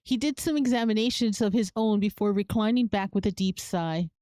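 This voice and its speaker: A woman's voice: mid-range voice, brisk, mellow, no room sound, clean studio sound. A woman streamer reading a story game aloud, narrating evenly and laughing at the scenes. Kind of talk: game narration and live reactions.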